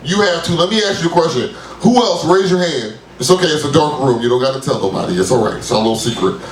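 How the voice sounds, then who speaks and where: Profane New comic in a roomy club. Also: male voice, animated, fast. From New York. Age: 30s. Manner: loose, profane, shouty bits with high-pitched outbursts. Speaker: stand-up comedian. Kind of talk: stand-up comedy set. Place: small club at an open mic. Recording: roomy club sound from a distant mic.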